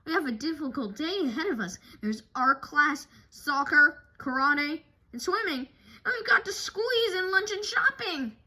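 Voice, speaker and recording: A woman voicing a frazzled mother bear, hurried and strained, in a storybook reading. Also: sits high, expressive, sharp tone, pitched above the performer's own voice, exaggerated voice. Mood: stressed. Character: mother bear, rushed and overwhelmed.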